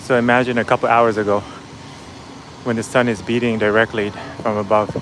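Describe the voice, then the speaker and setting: A man's voice: fairly low pitch, level tone, brisk, a bit bright, a little hiss or hum, poor audio. A man vlogging casually as he walks outdoors, chatting with his viewers and laughing easily. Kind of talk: casual walking vlog. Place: outdoors on a busy city street.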